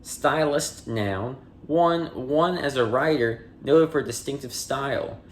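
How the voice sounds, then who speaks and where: Male podcast host reading a dictionary aloud: steady word-by-word cadence, casual asides, mid-pitched voice, echoey room. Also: slow, slight background noise. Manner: reads entry word, part of speech, then definition in a steady cadence; chatty and apologetic in asides. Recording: roomy echo.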